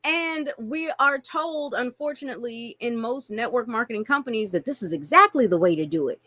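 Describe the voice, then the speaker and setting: A woman coaching on marketing in an animated, playful way, laughing often and addressing listeners as y'all. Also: a little high, normal speed, hardly any pauses, no echo. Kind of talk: teaching a marketing lesson with acted-out examples.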